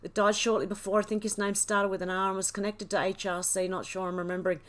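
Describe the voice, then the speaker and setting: A woman hosts a live chat stream, reading her viewers' comments aloud. She is tearful and emotional, and her voice sits at an ordinary middle pitch. Her delivery is casual and unscripted. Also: little pitch movement, fast talker. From Australia. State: crying. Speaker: livestream host.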